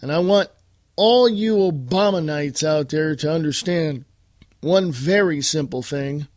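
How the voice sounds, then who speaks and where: A man's voice: on the high side, unhurried, a little mellow, dry recording, clean studio sound. An American man hosting a political talk podcast, delivering a blunt, combative monologue straight to his listeners. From United States. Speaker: podcast host.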